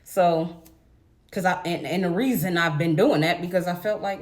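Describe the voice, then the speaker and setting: A woman's voice: lowish voice, normal speed. A young adult woman telling a story in a casual, blunt, profane rant to her viewers. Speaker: vlogger.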